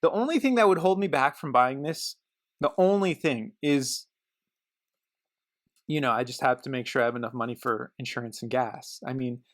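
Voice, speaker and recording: A middle-aged man vlogging about cars in casual chat, rambling and joking, then turning quiet and reflective. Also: mid-range voice, normal speed. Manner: rambling, self-interrupting, joking. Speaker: car vlogger.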